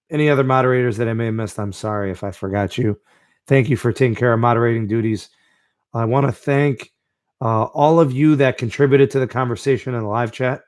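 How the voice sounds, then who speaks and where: A man's voice: mid-range voice, dry recording, clean studio sound. A man hosting a live-stream podcast in a laid-back way, reading out and answering the live chat with plenty of fillers. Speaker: podcast host.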